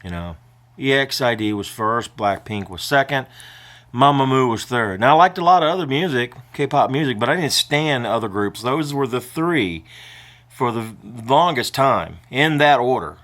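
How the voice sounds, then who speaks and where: A man's voice: medium pitch, animated, moderate pace, a bit bright. An older man vlogging in a casual, rambling way, emotional and prone to choking up as he talks.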